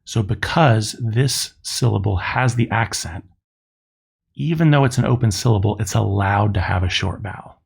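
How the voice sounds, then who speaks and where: Casting note: middle-aged male teacher, low gravelly voice, patient and methodical lecture delivery. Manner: slow, methodical explaining, spelling out sounds. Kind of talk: recorded classroom lecture.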